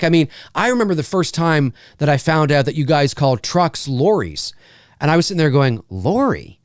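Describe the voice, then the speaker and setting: A man's voice: fairly high pitch, no echo, studio quality. A North American man hosting a live stream, chatting casually and rambling through viewer comments. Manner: rambling, animated, lots of fillers and laughs.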